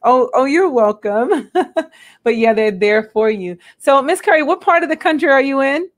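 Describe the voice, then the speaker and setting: A woman hosting a live online interview, earnest and halting with many ums, laughing often, over a video call. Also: high voice, expressive. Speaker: host.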